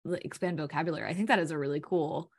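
A woman's voice: deep voice, fairly even intonation, very fast, breathy edge. Encouraging woman podcast host. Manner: agreeable, encouraging, uses "like". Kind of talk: casual podcast chat.

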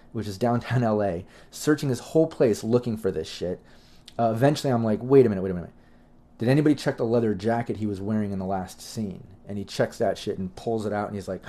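Mellow-voiced man rambling casually. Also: fairly low pitch. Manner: loose, profane, chatty with frequent fillers. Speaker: livestream host answering chat questions.

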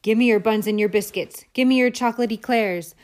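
A greedy, bullying rat highwayman bellows his demands in a boastful sing-song chant, as a woman reading a storybook puts him on. He sounds loud and pushy, set in a fairly low register. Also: normal speed, lightly acted.

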